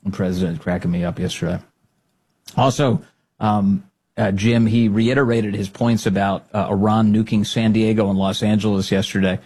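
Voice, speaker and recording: A man hosting a political podcast, mocking and animated, often laughing at what he plays. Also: fairly low pitch, moderate pace, slightly rough. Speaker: podcast host. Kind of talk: political commentary.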